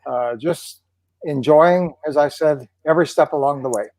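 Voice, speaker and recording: An older man as an interview guest, talking slowly with many fillers and pauses. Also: a little high, a little mellow, no echo, low-quality recording. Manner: slow, hesitant with many fillers. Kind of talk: conversational interview.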